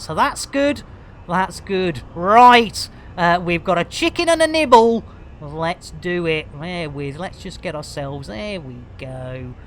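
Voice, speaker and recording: A woman doing live game-stream commentary in playful, punning patter, laughing often and addressing viewers like a showman. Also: on the high side. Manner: showman-like addresses to "ladies and gentlemen".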